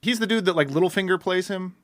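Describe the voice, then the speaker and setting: This podcast co-host chats casually, rambling and restarting often. His voice is high-pitched and fast, recorded dry with clean studio sound.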